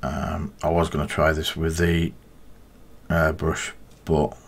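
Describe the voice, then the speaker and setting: A man's voice: a bass voice, completely flat delivery, slow pace, creaky, noisy background. A man chatting casually on a live stream while painting miniatures, thinking aloud in a rambling, half-mumbled way.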